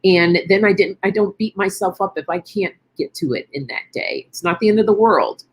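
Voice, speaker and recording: A woman's voice: medium pitch, moderate pace, husky. A middle-aged woman hosting a casual wellness chat stream, chatty and encouraging, thinking aloud as she answers viewers. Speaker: live stream host.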